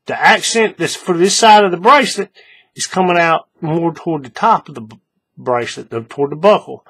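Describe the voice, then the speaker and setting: Husky man talking through a craft demo. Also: medium pitch. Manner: relaxed, repetitive, often checks the viewer follows. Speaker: crafting tutorial host. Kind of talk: casual step-by-step demonstration.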